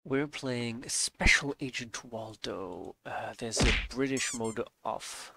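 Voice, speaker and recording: A man's voice: mid-range voice, takes it slowly, vocal fry, very noisy. A man playing through indie games as a reviewer, giving bemused let's play commentary and laughing often. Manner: bemused, laughing, talks to himself. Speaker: game reviewer. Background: game music.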